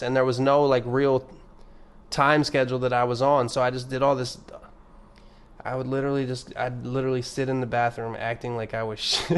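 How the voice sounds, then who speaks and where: A young man hosting his own podcast, talking alone in a rambling, profane, sardonic way, with loud emphatic bursts and mumbled asides. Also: mid-range voice. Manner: rambling, profane, restarts often. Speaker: podcast host. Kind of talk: casual solo podcast monologue.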